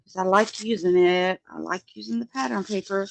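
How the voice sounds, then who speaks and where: A woman's voice: medium pitch, brisk, creaky, no room sound. A woman hosting a casual crafting live stream from her home desk, chatting as she works, greeting viewers by name and thinking aloud. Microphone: phone.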